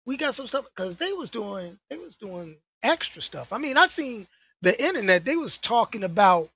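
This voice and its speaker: Husky, lively-voiced woman ranting on camera. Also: mid-range voice, moderate pace. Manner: animated, slangy, repeats phrases, exasperated asides. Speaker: vlogger. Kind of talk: casual movie-news commentary rant.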